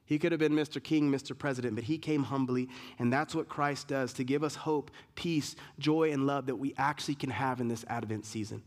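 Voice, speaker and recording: A male pastor preaches an emphatic sermon in a mid-range voice at a fairly quick pace, building his points through repeated lists and restarts. The long reverb of a large hall surrounds the recording.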